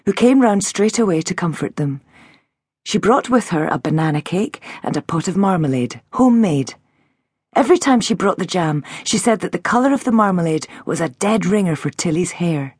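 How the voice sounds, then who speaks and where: A woman narrating a children's audiobook in an expressive storytelling manner on a close studio mic. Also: on the low side, moderate pace, breathy edge, no room sound.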